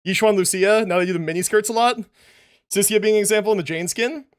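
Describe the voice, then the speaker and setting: A young man with a high voice rambles to his live chat from a room at home. He talks loosely, restarting sentences and piling on fillers, sometimes drifting away from his desk mic. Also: fast, clean tone. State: out of breath after push-ups. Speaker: livestreamer. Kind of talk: casual live-stream chat. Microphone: desk mic, moves away from it.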